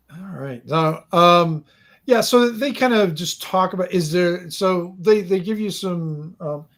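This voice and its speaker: A man narrating a tabletop game as game master, rambling and halting with lots of fillers. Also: high-pitched, a bit bright.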